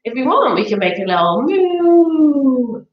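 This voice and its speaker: A woman's voice: high voice, very animated, unhurried, reverberant, muffled recording. A woman leading a children's yoga class in a playful, coaxing, sing-song way. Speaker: kids' yoga teacher.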